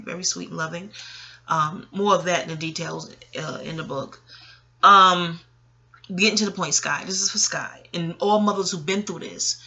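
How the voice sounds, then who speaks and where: A woman's voice: fairly low pitch, vocal fry. A woman in her late forties telling family stories in a casual, rambling monologue, chatty and frank, arguing with herself and swearing. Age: late 40s. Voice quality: animated, talks back to herself. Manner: chatty,喜 laughing asides, profanity. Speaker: audio blogger.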